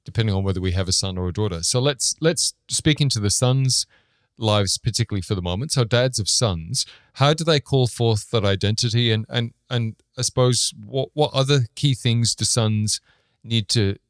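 A man's voice: medium pitch, moderate pace, no echo, clean studio sound. A man hosting an interview, asking thoughtful questions about fathers and sons. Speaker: podcast host.

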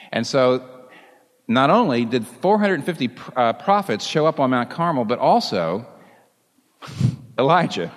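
A man preaching a sermon as a pastor, telling the story in a lively way and chuckling along with it. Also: medium pitch, long reverb tail.

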